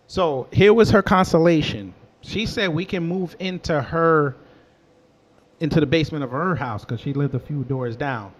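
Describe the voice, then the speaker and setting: A man's voice: a little high, moderate pace, dull audio. A young man from New York, telling a story in a casual, slangy way and answering his chat as he goes. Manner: animated, slangy, talks back to chat. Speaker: host.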